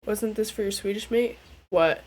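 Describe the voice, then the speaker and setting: A young woman streaming a game, chatting casually in a crude, joking and excitable way. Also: medium pitch, moderate pace. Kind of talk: casual gameplay stream chat.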